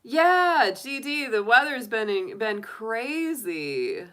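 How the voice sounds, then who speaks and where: A woman's voice: on the high side, sing-song, slow pace, pushed and bright. A woman tarot reader chatting casually and giggling with her livestream viewers. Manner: giggly, chatty, laughs often. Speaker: tarot reader, channel host.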